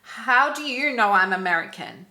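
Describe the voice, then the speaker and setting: A woman's voice: on the high side, lively intonation, moderate pace, bright, forceful tone, reverberant. A woman voicing a rude, aggressive American woman in her sixties in a read-aloud story, with snide, mocking lines.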